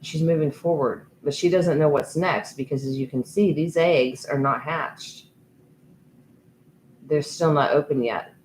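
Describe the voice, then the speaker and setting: A woman giving a channeled tarot reading, talking slowly and meandering with many ums and restarts. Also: deep voice, a little mellow, slight background noise, poor audio. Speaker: tarot reader. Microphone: USB microphone.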